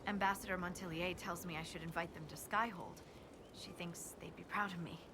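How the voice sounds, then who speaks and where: An actress playing a cheerful, earnest young woman scout in a video game, chatty and giggly, heard over loud background noise. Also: on the low side, steady tone, brisk, close to an everyday voice.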